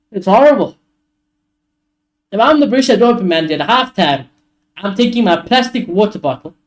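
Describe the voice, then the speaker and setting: Excitable swearing football watchalong streamer. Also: male voice, high voice. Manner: excitable, frustrated, swears often, talks to chat. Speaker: streamer hosting a live match watchalong. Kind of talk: live football watchalong commentary.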